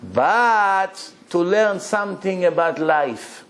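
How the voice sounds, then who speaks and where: High-voiced, animated rabbi preaching. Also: male voice, normal speed. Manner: animated, emphatic storyteller. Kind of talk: storytelling sermon.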